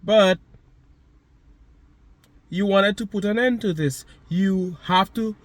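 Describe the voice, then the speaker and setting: A man's voice: high voice, unhurried. A man giving a motivational monologue, speaking to the listener directly with emphatic, repeated phrases.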